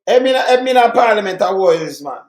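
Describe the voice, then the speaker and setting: A man's voice: sits high, lively intonation, fast talker, roomy sound. An older man with a Jamaican accent, talking in blunt, emphatic casual chat. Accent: Jamaican Patois.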